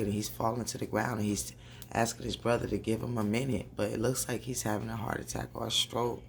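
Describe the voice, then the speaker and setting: A woman doing a casual, animated recap of a TV episode, talking straight to her viewers and laughing often. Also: a bass voice, vocal fry, a little hiss or hum. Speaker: TV recap vlogger. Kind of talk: casual chatty show recap.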